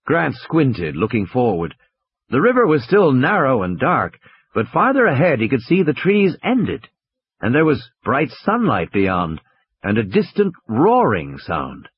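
Expressive male audiobook narrator. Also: medium pitch, unhurried, slightly rough. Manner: expressive storytelling. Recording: dry, slightly dull audiobook recording.

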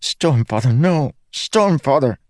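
A man's voice: extremely low pitch, takes it slowly, darkish tone, husky, dry recording, clean studio sound, heavily acted. A man voicing a desperate young man, a former slave, who cries out in anguish. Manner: anguished, pleading.

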